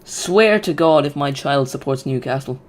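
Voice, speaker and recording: Male streamer, slightly high voice, excitable live football watch-along commentary, rambling. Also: moderate pace. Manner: excitable, chatty, rambling with restarts.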